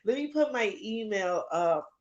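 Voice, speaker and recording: A woman's voice: medium pitch, expressive, a little slow, a little mellow, highs cut off. A woman hosting a casual livestream. She chats to viewers and laughs often while she sorts out her settings. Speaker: livestream host.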